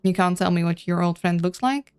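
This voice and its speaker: A woman's voice: fairly low pitch, a little fast, clear, resonant tone, soft background music. A woman casually playing a narrative game, reading its text aloud with chatty, playful asides and stumbles over names. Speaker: let's-play streamer.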